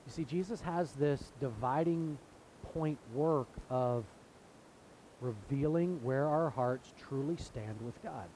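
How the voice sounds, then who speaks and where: A man's voice: mid-range voice, slow pace, dark tone, a little hiss or hum, rough recording. A man preaching a sermon in an earnest way, now and then acting out the voices of people in the story. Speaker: pastor.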